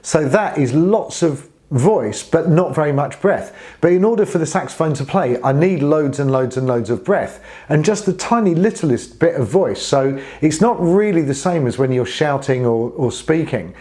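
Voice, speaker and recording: A man's voice: fairly high pitch, lively intonation, moderate pace, hardly any pauses, darkish tone. A man teaching saxophone in a casual spoken tutorial, friendly and earnest, sometimes growling gritty sounds to demonstrate.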